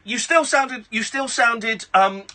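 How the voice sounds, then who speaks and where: A man's voice: very high-pitched, slow, sharp tone. A man hosting a late-night radio phone-in, blunt and rambling with many restarts. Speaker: radio host. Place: radio studio. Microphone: studio microphone.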